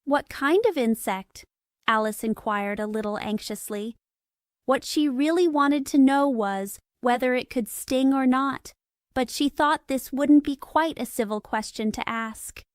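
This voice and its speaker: A woman narrates a classic children's tale in simple, slow English. Her voice sits a little high, with careful, even delivery. The recording is dry and close, with no room sound. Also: no echo. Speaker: audiobook narrator. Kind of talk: scripted narration for English learners.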